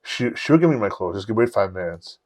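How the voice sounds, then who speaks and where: A man's voice: fairly low pitch, brisk, no room sound. Swearing man telling a story, dry room. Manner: animated, swearing, acts out his own past lines. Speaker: podcast host. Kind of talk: casual storytelling chat.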